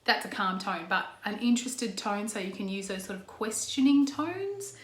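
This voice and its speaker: A woman's voice: mid-range voice, big pitch swings, normal speed. An Australian woman in a casual talk to camera as a parenting coach, chatty, with frequent "okay" and "um", acting out example tones. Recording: echoey room.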